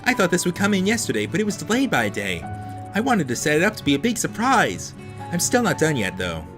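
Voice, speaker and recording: A man voicing a bubbly, excitable schoolgirl roommate in a high, squealing put-on voice while reading a visual novel aloud. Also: fast talker, over music. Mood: eager.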